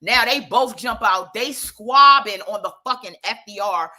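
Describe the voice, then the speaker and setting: A woman telling a story in casual chat, animated and profane, rambling through asides. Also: mid-range voice, unhurried.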